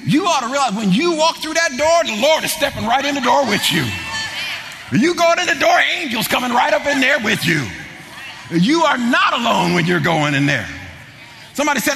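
A middle-aged man preaching a sermon, building into fervent shouting with repeated phrases. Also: very high voice, very animated, moderate pace, vocal fry. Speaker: pastor. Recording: long hall reverb with faint noise.

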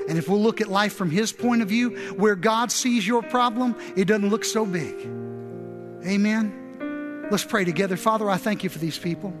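High-voiced preacher in a reverberant church. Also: male voice. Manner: impassioned preaching, folksy storytelling. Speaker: pastor. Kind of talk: sermon with storytelling. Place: large church sanctuary. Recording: long reverb of a large church.

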